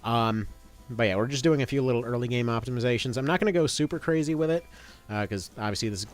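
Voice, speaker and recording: A man in his thirties talks through a game stream in a loose, rambling way, full of fillers and half-started thoughts. His voice sits at an ordinary middle pitch, and faint music runs underneath. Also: quick pace. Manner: rambling, chatty, many fillers. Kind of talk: casual gameplay commentary.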